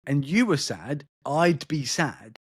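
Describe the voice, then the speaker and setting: With a slightly high, husky voice, this man co-hosts a podcast and sounds very animated despite a slow pace. He mixes a London accent with polished English and keeps rambling, restarting and repeating himself, all in a clean studio sound with no room noise.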